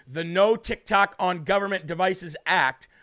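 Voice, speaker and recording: A man's voice: sits high, measured pace, bright, forceful tone. A man hosting a live political commentary stream, talking in an emphatic, fired-up way and reading out comments from the live chat. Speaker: political livestream host.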